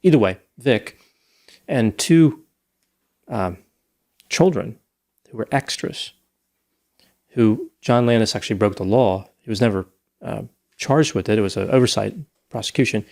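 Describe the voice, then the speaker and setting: Man, low voice, gravelly, casual true-crime chat, storytelling. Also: animated, a little slow, long pauses, a little mellow. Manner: storytelling, recounting details at length. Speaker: podcast host.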